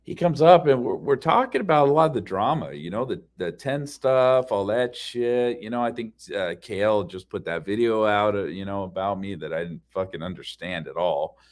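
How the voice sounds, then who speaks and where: A man's voice: on the low side, animated, moderate pace, hardly any pauses. A man telling a story as a casual rant, heated and profane, with frequent fillers. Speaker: podcast ranter.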